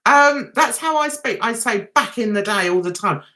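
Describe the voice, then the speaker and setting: Bright and forceful, her fairly high voice is animated and moves at a normal speed. She's a London woman running a casual livestream, chatting at length with viewers while laughing and singing song fragments.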